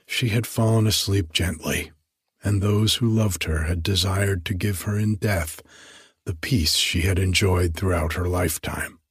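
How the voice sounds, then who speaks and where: A man reading a story aloud in a measured, earnest narration. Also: low-pitched, breathy edge, dry recording.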